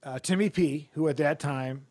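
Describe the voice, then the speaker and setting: A man chatting on a podcast, his voice sitting a little high. He rambles through anecdotes and laughs often. The sound is dry and close. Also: moderate pace, a little mellow, no echo. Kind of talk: casual podcast chat.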